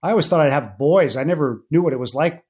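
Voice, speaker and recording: Animated man telling stories in an interview. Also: fast. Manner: animated anecdotes with many fillers, rising pitch when excited. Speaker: podcast guest, surgeon. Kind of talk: casual interview storytelling.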